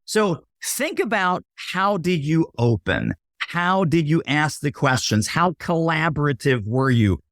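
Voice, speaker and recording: Man, podcast guest, lively swooping delivery, slightly high voice, punchy teaching tone. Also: measured pace, few pauses, no room sound, clean studio sound. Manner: animated, acts out quotes of buyers and waiters; punchy teaching tone, often tags lines with "right?". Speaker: podcast guest, sales expert. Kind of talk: casual interview talk.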